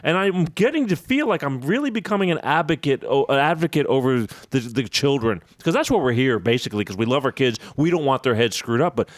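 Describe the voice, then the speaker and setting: A middle-aged man co-hosting a chat show, talking in a rambling, emotional way and laughing at himself. His voice sits at an ordinary pitch and sounds dry and close, with no room around it. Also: expressive, a little fast, few pauses, dry recording. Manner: emotional, self-mocking, rambling. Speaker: co-host. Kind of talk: casual chat.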